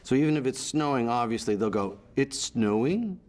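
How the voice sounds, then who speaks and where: A man recalling his film career in an interview, telling animated stories with quoted voices. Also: mid-range voice, quick pace, slight background noise. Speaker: actor being interviewed. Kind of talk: anecdotal interview storytelling.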